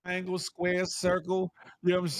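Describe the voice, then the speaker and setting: A man's voice: high-pitched, no room sound. A man hosting a casual livestream, reading the chat aloud and teasing viewers with a playful, laughing manner.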